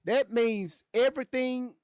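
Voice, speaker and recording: A man hosting a casual livestream, reading chat aloud and joking around in a loud, animated way. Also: extremely high pitch, measured pace, clear, resonant tone, dry recording, studio quality.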